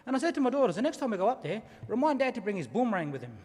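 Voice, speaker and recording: A middle-aged Australian man gives a ceremonial welcome in a quick, high voice. He tells stories and has the audience repeat words after him, and his voice rings out in a reverberant hall. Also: slightly rough. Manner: lively, engaging, asks the audience to repeat words. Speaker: Aboriginal elder giving a welcome to country. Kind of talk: ceremonial welcome speech with storytelling.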